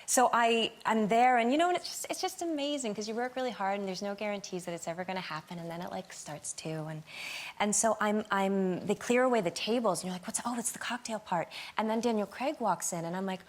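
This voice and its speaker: A woman in her forties, a chat show guest, telling a rambling, animated story. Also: mid-range voice, a little fast. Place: TV studio with audience.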